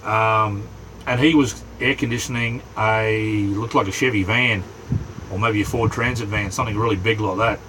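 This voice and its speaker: A middle-aged Australian man hosting a casual livestream from inside his small camper, rambling in a relaxed way and greeting viewers by name. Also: fairly low pitch, normal speed, background noise. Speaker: livestream host.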